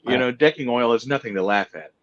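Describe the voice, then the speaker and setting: A man's voice: medium pitch, fast talker, a bit bright, lo-fi sound, slight background noise. A man from the southern United States, teasing and joking crudely in casual livestream chat. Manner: joking, teasing, swears freely.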